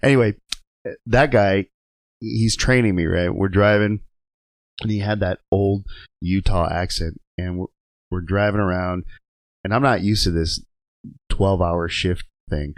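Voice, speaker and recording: Low-voiced, profane trucker telling stories. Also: male voice, measured pace, long pauses, no echo. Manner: profane, rambling, laughs through stories. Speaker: trucker guest. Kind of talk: casual storytelling. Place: podcast studio.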